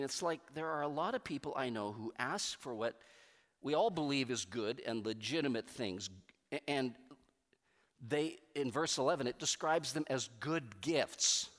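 A middle-aged man preaching a sermon as pastor, conversational and animated, swinging between loud emphatic bursts and quiet, soft passages. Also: medium pitch, moderate pace. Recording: long hall reverb.

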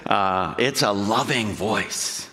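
Guy preaching a sermon, bright forceful voice, chatty, keeps asking the room stuff, big church reverb. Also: fairly low pitch, takes it slowly. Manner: conversational, asks the congregation questions. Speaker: pastor. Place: church sanctuary. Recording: long hall reverb.

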